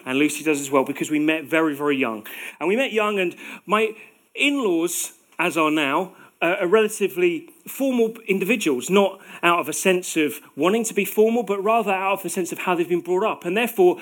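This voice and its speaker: A man's voice: sits high, a bit bright. A man in his forties preaching a sermon in a conversational way, with self-deprecating humor.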